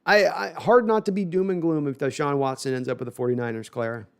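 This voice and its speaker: A man's voice: a little high, steady tone, fast talker, clean tone. A man hosting a casual live sports talk stream, reading viewer comments and rambling with self-deprecating asides and frequent restarts.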